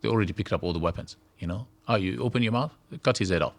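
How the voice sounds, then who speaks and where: A man from Syria, a guest in a studio interview, who talks haltingly with many restarts and fillers. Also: lowish voice, dry recording.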